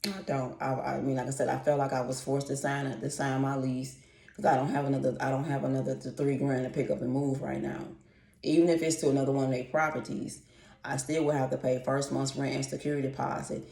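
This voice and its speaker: Vlogger, woman, low gravelly voice, exasperated profane rambling rant, echoey room. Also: little pitch movement, fast talker, darkish tone. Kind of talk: casual ranting vlog. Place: apartment at home.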